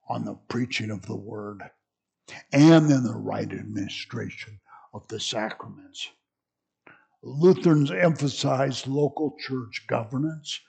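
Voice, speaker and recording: A man giving a relaxed classroom lecture at an unhurried pace. His voice is gravelly with a husky edge, and he talks conversationally, often restarting his sentences. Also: medium pitch. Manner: conversational, many fillers and restarts. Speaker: church history teacher.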